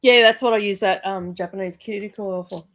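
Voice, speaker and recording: A woman and mother chatting casually on a reading livestream, telling animated stories with frequent laughs and playful swearing. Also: mid-range voice, fast, crowd noise. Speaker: co-host, mother.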